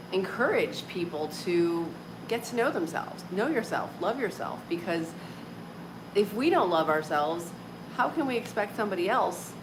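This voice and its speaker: A woman in her forties hosting a casual livestream from home, chatting with viewers, laughing often and filling with "like" and "um". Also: mid-range voice. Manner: chatty, laughs often, uses many fillers. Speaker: livestream host. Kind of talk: casual live-stream chat with viewers. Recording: clear background noise.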